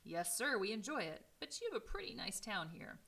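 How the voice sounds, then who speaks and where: A woman voicing a guarded middle-aged man in a novel reading, speaking politely and in a measured way. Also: mid-range voice, very animated, creaky, pushed and bright, slight background noise, pitched above the performer's own voice, full character voice.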